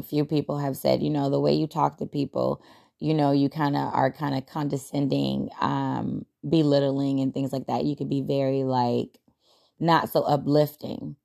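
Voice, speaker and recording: Woman, young adult, podcast host, casual reflective talk, chatty, laughs a lot, deep, gravelly. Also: warm tone. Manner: chatty, laughs often, self-deprecating.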